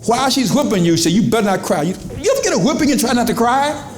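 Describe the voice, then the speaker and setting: A man's voice: very high voice, sing-song, fast talker, echoey room, faint music behind. A pastor preaching to his congregation in a church, in a conversational style with questions to the crowd and quoted voices. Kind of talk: sermon. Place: church sanctuary.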